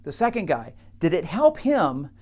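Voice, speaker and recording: Man, coach, halting delivery, lots of fillers, teaching story to camera. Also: a little high, big pitch swings, darkish tone. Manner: halting, many fillers and restarts. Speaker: coach working with clients.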